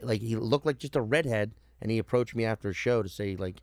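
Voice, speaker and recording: Rambling low-voiced man chatting casually. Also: quick pace, no room sound, clean studio sound. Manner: rambling, searching for words with many fillers and restarts; profane, joking. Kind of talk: casual conversation.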